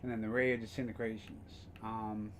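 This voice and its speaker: A man's voice: lowish voice, level tone, moderate pace, slight background noise. Rambling man streaming a game. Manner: rambling, casual, with frequent fillers and swearing. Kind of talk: casual gameplay commentary.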